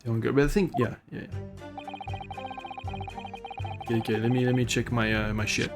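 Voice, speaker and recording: A man's voice: mid-range voice, steady tone, moderate pace. A man streaming a game, chatting casually in a rambling, profane, self-mocking way. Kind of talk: casual gaming commentary. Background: game music.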